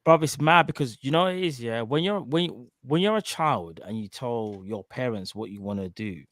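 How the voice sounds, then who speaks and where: A man's voice: mid-range voice, lively intonation, normal speed, fairly bright tone, no room sound. A male co-host with a mid-range voice and dry, close sound. He talks emphatically, leaning hard on slang, and banters with the others. His delivery is casual and punchy. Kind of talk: casual chat.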